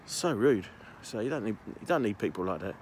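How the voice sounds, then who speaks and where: A man's voice: on the low side, big pitch swings, a little fast, darkish tone, a little hiss or hum. A man vlogging casually as he walks city streets, telling rambling stories with plenty of restarts. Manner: chatty, rambling storyteller with laughs. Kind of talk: casual walking vlog chat.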